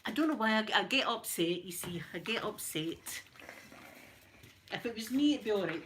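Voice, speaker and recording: A woman's voice: mid-range voice, animated, moderate pace, fairly bright tone, slight background noise. A middle-aged Scottish woman chatting on a live stream, greeting viewers by name and laughing often as she talks. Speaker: vlogger. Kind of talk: casual live-stream chat.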